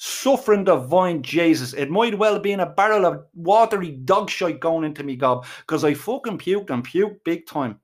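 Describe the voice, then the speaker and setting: A man's voice: a little high, lively intonation, normal speed, hardly any pauses. A middle-aged Irish man telling a crude, comic story with colourful swearing.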